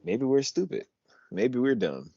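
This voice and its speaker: A man's voice: mid-range voice, measured pace, breathy edge, no room sound, lo-fi sound. A man co-hosting a casual podcast, arguing his point with energy and sometimes reading lines aloud. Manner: animated, argumentative, reads lyrics aloud. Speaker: podcast co-host.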